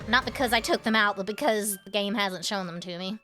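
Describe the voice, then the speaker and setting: A woman's voice: medium pitch, a little fast, bright, forceful tone, soft background music. A woman streamer giving playful, chatty commentary while playing a game.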